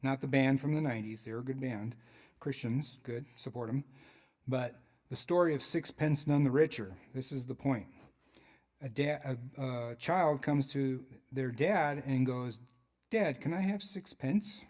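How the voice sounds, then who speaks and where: A man's voice: mid-range voice, measured pace, darkish tone. A man as a pastor preaching a sermon in a church, in a conversational way with joking asides.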